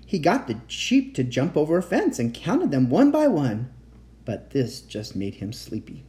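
A man reading a bedtime story aloud in a gentle, expressive way as the host of his own story show. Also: on the high side, unhurried.

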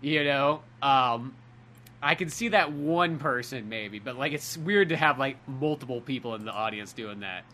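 A man's voice: mid-range voice, lively intonation, normal speed, pushed and bright. A man co-hosting a casual podcast chat, who swears freely and stammers through restarts.

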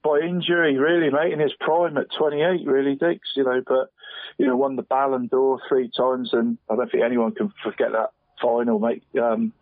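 A man's voice: mid-range voice, flat delivery, normal speed, no room sound. A man in his forties on a radio show, chatting casually and rambling about football, dropping "mate" into nearly every sentence. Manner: rambling, says "mate" constantly. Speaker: football pundit guest. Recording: dry, tinny phone line.

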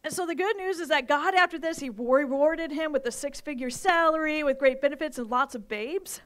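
Woman pastor, high pitch, lively and playful sermon delivery before a congregation. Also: brisk. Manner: animated, playful, with bursts of emphasis. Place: church service with live audience.

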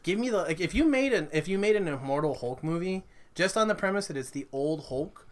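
A man co-hosting a podcast in casual chat, animated and ranting with constant swearing. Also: a little high, fairly quick. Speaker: podcast co-host.

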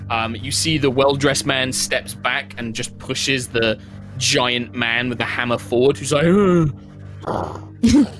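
A man's voice: medium pitch, flat delivery, a little slow, pushed and bright, soft background music. A man narrating a tabletop game as game master, describing scenes with frequent fillers.

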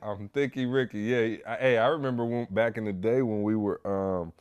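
A man hosting a podcast, chatting casually and telling stories with relaxed slang. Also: fairly low pitch, moderate pace, smooth. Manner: laid-back storytelling with slang. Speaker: podcast host. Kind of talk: casual chat.

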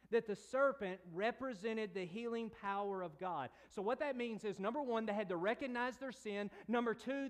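Animated high-voiced male preacher. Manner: storytelling, rises and drops in pitch and volume, playful asides. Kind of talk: sermon.

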